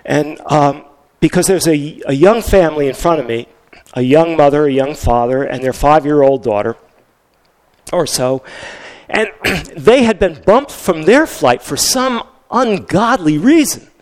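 A man's voice: a little high, unhurried. An older male pastor telling a story in a conversational sermon, with frequent restarts.

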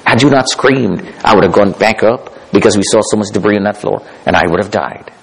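A man voicing a grateful fellow survivor in a lower, solemn tone. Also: a little fast, vocal fry, a bit bright, husky, full character voice, rough recording.

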